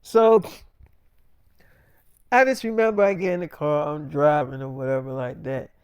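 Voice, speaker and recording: A man's voice: on the high side, moderate pace, clean tone, no echo, muffled recording. A young man telling a rambling freestyle story in a casual way, repeating the same fillers. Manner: rambling, repeats "I'm like, she's like".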